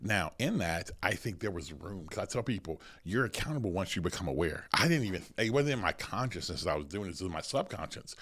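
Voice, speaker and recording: An American man who is a pastor and podcast host, telling stories in an energetic, conversational way with many restarts. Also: low-pitched, quick pace, few pauses. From United States.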